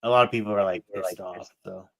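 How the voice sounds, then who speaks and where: A man hosts a relaxed podcast and reacts to movie trailers in a loose, rambling manner, often trailing off. His voice sits low. The sound is close and dry. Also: a little fast, creaky, no echo. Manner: laid-back, rambling, trails off. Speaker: podcast host. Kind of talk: casual chat reacting to trailers.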